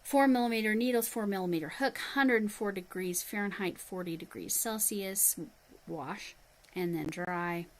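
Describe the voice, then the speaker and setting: A woman's voice: mid-range voice, moderate pace, rough recording. A middle-aged woman hosting a casual livestream, chatting and reading viewer comments as she goes through yarn. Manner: chatty, reads viewer comments aloud, handles yarn while talking. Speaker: livestream host.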